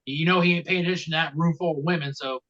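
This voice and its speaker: A man's voice: fairly even intonation, fast, a bit bright. A man co-hosting a wrestling podcast, rambling through the recap with many fillers and dry jokes. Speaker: podcast co-host. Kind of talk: casual comedic wrestling recap. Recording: dull low-quality mic.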